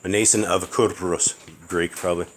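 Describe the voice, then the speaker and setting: A man proofreading scripture aloud, dictating it slowly word by word with the punctuation and spelling some names letter by letter. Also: sits low, fairly even intonation, slight background noise. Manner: slow, deliberate read-aloud with spelled-out words and quick asides. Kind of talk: dictating a text aloud, line by line. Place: house with barking dogs nearby.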